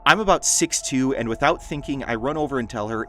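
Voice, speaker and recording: A man reading funny stories aloud in a lively storytelling manner, with dry asides. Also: medium pitch, brisk, soft background music. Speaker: story narrator.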